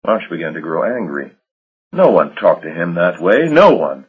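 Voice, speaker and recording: A man giving measured, dramatic audiobook narration. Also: low-pitched, sing-song, husky, lo-fi sound.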